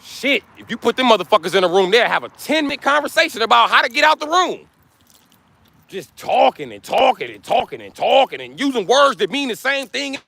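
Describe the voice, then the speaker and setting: Brief: American man in his forties, high bright voice with gravel, loud profane livestream rant. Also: sing-song, a little fast. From United States. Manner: loud, blunt, cursing, ranting nonstop. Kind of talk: profane rant to a live stream.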